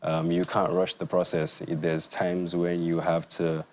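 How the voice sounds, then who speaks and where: A young man answers interview questions in a very low, flat voice. He speaks in a measured, earnest way, pausing on fillers. The sound is slightly dull. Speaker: actor, guest. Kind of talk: studio interview.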